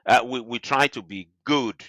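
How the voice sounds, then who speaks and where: A man's voice: normal speed, dry recording. A man with a Nigerian accent, a guest on a podcast interview, telling workplace stories animatedly. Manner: animated storyteller who jumps high to act out quoted people.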